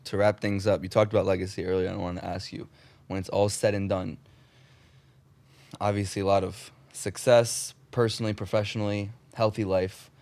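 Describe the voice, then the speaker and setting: Man, host, upbeat, friendly, very low voice, dry sound. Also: level tone, brisk, creaky, a little mellow, dry recording. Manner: friendly, upbeat, hesitant with fillers. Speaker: interview host. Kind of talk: casual interview.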